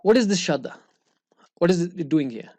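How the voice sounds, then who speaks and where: A woman's voice: lowish voice, animated, normal speed, dark tone, dry recording. A woman teaching a one-on-one recitation lesson, explaining rules patiently and checking understanding with frequent questions.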